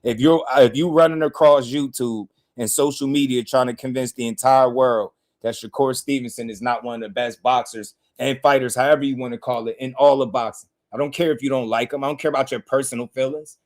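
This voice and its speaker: A man's voice: medium pitch, fairly even intonation, brisk, few pauses, darkish tone. A man hosting a boxing channel, ranting in casual commentary with heated, profane emphasis.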